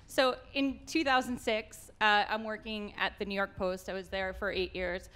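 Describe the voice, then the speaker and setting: A woman's voice: medium pitch, level tone, moderate pace, fairly bright tone, clear, resonant tone. An American woman telling a long funny story at a live panel, laughing often and acting out the people she quotes. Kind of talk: animated anecdote at a live panel. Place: auditorium stage.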